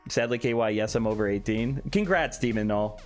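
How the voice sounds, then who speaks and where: A man's voice: lowish voice, fairly quick. A young man casually chatting on a live stream, reading chat aloud with a joking, candid manner. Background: faint background music.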